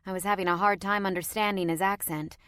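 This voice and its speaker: A woman narrates a first-person story with tense, dramatic delivery. Her voice sits at an ordinary middle pitch. The recording is dry and close, with no room sound. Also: fairly even intonation, quick pace, a bit bright, dry recording. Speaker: audiobook narrator.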